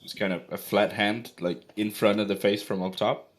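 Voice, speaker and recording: A man playing a tabletop game, measured and slightly formal when speaking as his character. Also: on the low side, steady tone. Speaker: player. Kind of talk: tabletop role-play.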